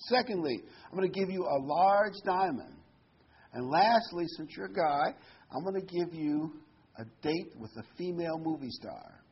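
A mean, ugly genie begs to be let out of his sealed jar and haggles over gifts, as a preacher puts him on while telling a joke. The voice is husky, a little raised in pitch, and the recording is dull and muffled. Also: lively intonation, moderate pace. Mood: bargaining.

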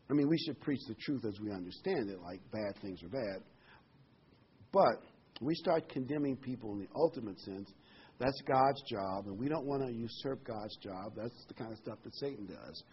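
A man's voice: mid-range voice, lo-fi sound, slight background noise. A man preaching a sermon in a conversational way, his voice lifting on key phrases.

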